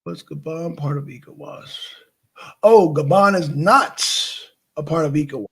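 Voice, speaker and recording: A man hosting a casual news chat, animated and teasing, swearing freely. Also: fairly high pitch, unhurried, breathy edge. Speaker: show host.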